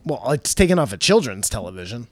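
A man's voice: medium pitch, very animated, quick pace, dry recording. A man co-hosting a podcast, talking through ideas in a rambling, speculative way during casual discussion. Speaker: podcast co-host.

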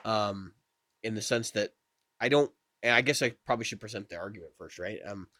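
A man with a low voice co-hosts a casual podcast. He steers the talk in a relaxed, opinionated way. The sound is dry, with no room echo. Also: brisk. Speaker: podcast co-host. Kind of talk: casual chat.

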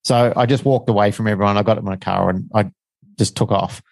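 A middle-aged man with a lowish voice tells a personal story frankly, rambling and poking fun at himself. The recording is dry and close, with no room sound. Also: fairly even intonation, fairly quick, vocal fry, no room sound. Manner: frank, rambling, self-deprecating, with restarts. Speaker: guest.

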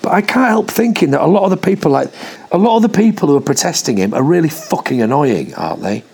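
A Northern English man talking over a video call, blunt and quick to swear. His voice is husky and a little high, and it swings up and down a lot. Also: very animated, a little mellow.

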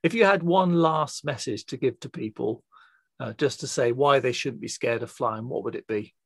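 Male host, gravelly, enthusiastic but halting, dry close recording. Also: medium pitch, no room sound. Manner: enthusiastic, halting, many restarts. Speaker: podcast host. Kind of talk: casual interview.

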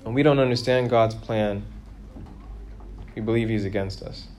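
A man preaching a sermon, who asks his listeners questions and grows louder and higher when he makes a point. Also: moderate pace, slight background noise. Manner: lively, rises in pitch and volume for emphasis, asks the congregation questions.

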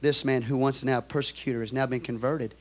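A Texan-accented pastor preaches a sermon, shifting from quiet storytelling to loud, shouted exhortation. His voice is medium-pitched and steady in tone, and he speaks fast.

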